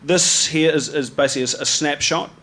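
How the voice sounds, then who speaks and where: A New Zealand photographer with a New Zealand accent gives a live talk about his slides before an audience at an event venue. He rambles casually with lots of ums, restarts and slang, and his voice is on the high side, steady, brisk and fairly bright.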